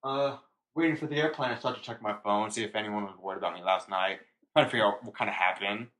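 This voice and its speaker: A man's voice: on the low side, quick pace, fairly bright tone. A young man co-hosting a podcast, telling a story in casual, rambling chat and laughing at himself. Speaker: podcast co-host.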